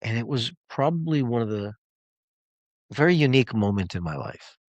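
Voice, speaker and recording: A man's voice: medium pitch, very animated, moderate pace, no room sound, lo-fi sound. A man coaching clients on a live call, telling a story in an emphatic, conversational way.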